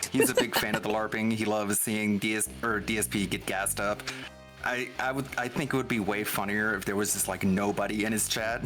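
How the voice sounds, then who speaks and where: A man's voice: lowish voice, fairly even intonation, a little fast, music in the background. A man joining a live stream over a voice call, laid-back and opinionated. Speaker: guest on a call. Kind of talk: casual chat over a voice call.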